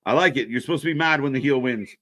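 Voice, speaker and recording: A man's voice: medium pitch, very fast, a bit bright, no echo. A man co-hosting a wrestling live stream, in casual, profane chat that reacts to the action and answers viewers.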